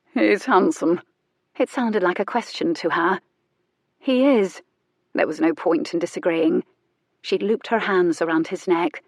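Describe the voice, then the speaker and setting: A woman reading a romance audiobook in a soft, measured, intimate narration. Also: fairly low pitch, dry recording.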